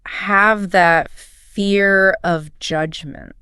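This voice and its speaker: A woman's voice: medium pitch, steady tone, extremely slow, bright, forceful tone, clear, resonant tone, dry recording, studio quality. A woman co-hosting a podcast in casual chat, enthusiastic and agreeable, with frequent "like" fillers. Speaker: podcast co-host.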